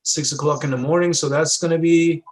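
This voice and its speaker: A man's voice: a little high, fairly even intonation, brisk, poor audio. A man teaching a class, talking students through moon and sun diagrams in a casual, step-by-step way with frequent checks. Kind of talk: classroom lab walkthrough.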